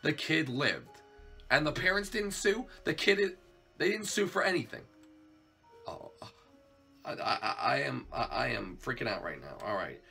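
A man's voice: mid-range voice, sing-song, normal speed, creaky, pushed and bright, faint music behind, full character voice. A man voicing a jittery failed cop turned night guard in a hobby plush video, stammering and repeating himself in panic. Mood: disbelieving.

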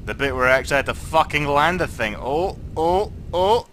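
A young Scottish man commentating on his own gameplay, tipsy, sweary and jokey, swinging between muttering and excited shouting. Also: medium pitch, fast talker, few pauses, a little hiss or hum. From Scotland. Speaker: gaming YouTuber.

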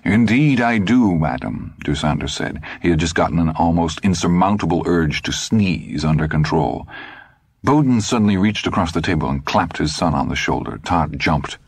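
A man narrating an audiobook in a dry, measured storytelling manner. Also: very deep voice, husky, no echo. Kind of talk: scripted narration.

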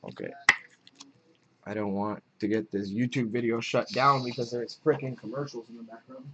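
A young man chatting casually while opening trading card packs on a live break, excited at the hits and muttering asides. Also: mid-range voice, normal speed, lo-fi sound, slight background noise.

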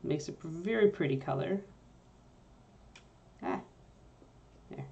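A woman with a low voice talks through a painting lesson as she works. She chats easily, often pausing on fillers to think while she mixes colors at her painting desk. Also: sing-song, vocal fry, warm tone, dull audio, a little hiss or hum. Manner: chatty, thinks aloud with fillers while working. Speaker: miniature painting instructor. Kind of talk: casual painting tutorial.

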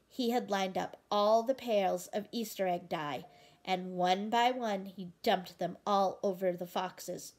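A woman reading a picture book aloud, gently pausing to ask the listener questions about the story. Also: medium pitch. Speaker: storybook reader.

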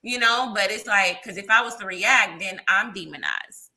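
A young woman talking casually as an interview guest, animated, hesitant with fillers, jumping up in pitch when she acts out what others said. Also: normal speed, a little hiss or hum. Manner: animated, acts out quoted lines with big pitch jumps; frequent fillers, hesitant restarts. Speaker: guest panelist.

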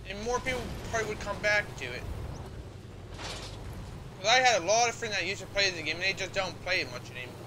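A man streaming a video game, chatting casually in a rambling, halting way with lots of fillers and restarts. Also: high voice, animated, noisy background. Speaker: gaming livestreamer. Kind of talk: casual gameplay commentary.

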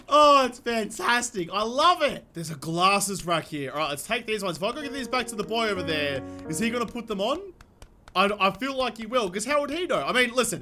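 Young Aussie gaming commentator, very high bright voice, excitable and giggly, soft music underneath. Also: male voice. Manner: excitable, giggly, swings between hushed scheming and loud outbursts. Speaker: gaming YouTuber. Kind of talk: gameplay commentary.

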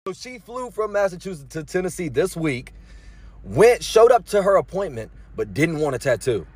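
Husky young man telling a wild story. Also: fairly high pitch, moderate pace. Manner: animated, slangy, laughs through tension. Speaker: TikTok storyteller. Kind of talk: casual storytelling to camera.

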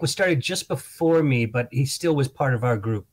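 A middle-aged comedian talking as a guest on a podcast, telling relaxed stories from his early years. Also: mid-range voice, measured pace. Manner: relaxed, anecdotal storytelling. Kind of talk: casual storytelling chat. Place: podcast studio.

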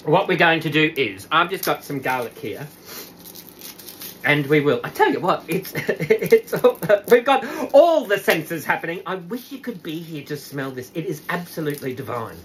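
A woman's voice: deep voice, very animated, moderate pace, a little hiss or hum. A woman, chatty and laughing often as she demonstrates cooking to viewers, now and then breaking into sing-song.

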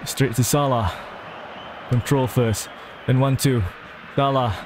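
A man's voice: medium pitch, fairly even intonation, slow pace, noisy background. A young man giving gameplay commentary, talking himself through moves and groaning or cheering at each play. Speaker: gamer.

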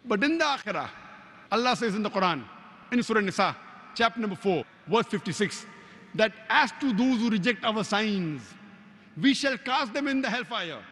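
Man, high-pitched lecturer, emphatic, quotes verses by chapter and number, rapid Arabic recitation, long hall reverb. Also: bright, forceful tone. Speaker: Islamic preacher. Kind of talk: religious lecture.

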